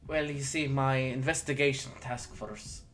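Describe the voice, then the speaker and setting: A game master voicing a serious male police lieutenant in a tabletop game, with a halting attempt at an Irish accent and many pauses. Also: medium pitch, fairly even intonation, fairly bright tone, lightly acted. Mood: grave. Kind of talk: voiced character in a tabletop game.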